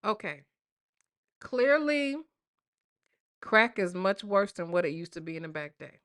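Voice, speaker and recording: Sassy, bright-voiced woman commentator. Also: mid-range voice, a little slow. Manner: sassy, animated, addresses chat directly. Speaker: commentary show host. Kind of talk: casual commentary.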